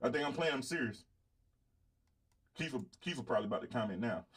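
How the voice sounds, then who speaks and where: A middle-aged man with a Southern US accent talks fast and animatedly in a medium-pitched, fairly bright, slightly rough voice. As host of his own podcast, he delivers a blunt, boastful, profane casual monologue to viewers.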